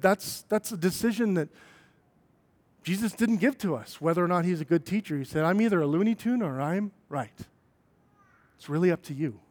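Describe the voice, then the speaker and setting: A man's voice: high voice, a little mellow. A man preaching a sermon as pastor, talking conversationally and then building to emphatic, rising points.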